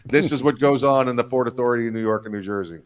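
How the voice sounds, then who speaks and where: A man's voice: mid-range voice, very fast, far from the mic. Rambling sarcastic male co-host, off-mic. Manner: rambling, sarcastic, acts out quoted bureaucrats. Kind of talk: casual political commentary.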